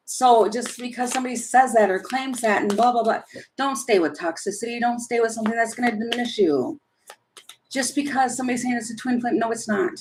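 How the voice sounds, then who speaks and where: A woman's voice: a little high, slight background noise. A woman doing a casual live tarot reading, chatty and opinionated, rambling with many fillers and asides. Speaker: tarot reader.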